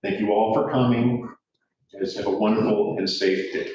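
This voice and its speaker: Heavy background noise surrounds a man whose voice is on the low side, steady and moderately paced, as he delivers a joking, self-deprecating speech at a ceremony held in a courtroom. The mic is far off, leaving the sound echoey and dull.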